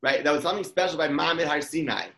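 A man's voice: on the high side, quick pace, fairly bright tone. Man giving a Torah talk in an echoey room. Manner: conversational, with frequent restarts. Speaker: Torah speaker.

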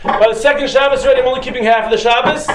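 Man doing a drunk young Russian guy, tearful, earnest, high voice, broken phrasing, echoey room. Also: fairly even intonation, racing, background noise. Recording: roomy echoing room.

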